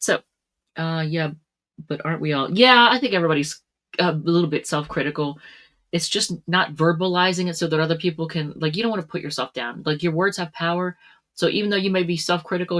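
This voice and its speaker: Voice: medium pitch, pushed and bright. A tarot reader giving a casual reading to camera, chatty, with frequent laughs and plenty of fillers.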